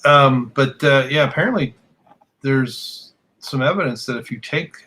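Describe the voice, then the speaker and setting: A man's voice: medium pitch, unhurried, bright, forceful tone, husky. A man who is feeling unwell, chatting casually as a podcast guest over a laptop microphone in an echoey, half-packed house. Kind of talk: casual chat.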